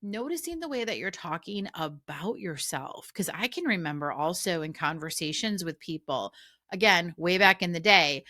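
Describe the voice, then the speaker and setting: A middle-aged woman life coach and podcast host, talking casually with chatty asides in a warm coaching tone. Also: on the low side, animated, moderate pace. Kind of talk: casual solo podcast talk.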